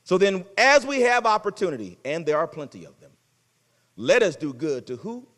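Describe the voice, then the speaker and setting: A man delivers a sermon in a casual, folksy way, his high voice leaping across a wide range. The sound is bright and forceful. A long hall reverb trails every phrase. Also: normal speed. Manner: animated preaching, swings from loud to hushed. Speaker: pastor. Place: church sanctuary.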